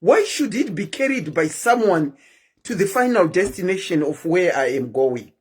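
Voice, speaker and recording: A woman's voice: fairly low pitch, expressive, normal speed, a little mellow, husky. A woman hosting a live stream, chatting casually and keeps asking her viewers questions.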